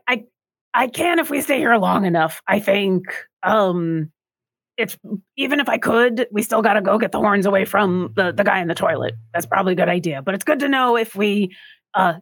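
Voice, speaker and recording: A woman playing a tabletop game, explaining her character's actions in a thoughtful, unhurried way. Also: mid-range voice, no echo. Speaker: tabletop player. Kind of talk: casual game chat.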